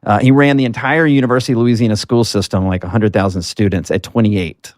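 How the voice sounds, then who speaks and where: A man's voice: on the low side, fairly even intonation, fast talker, a little mellow, dry recording, studio quality. A man from Alabama, a political marketing guest, telling stories earnestly in a casual interview with plenty of fillers. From Alabama, US South. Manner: earnest storytelling with frequent fillers.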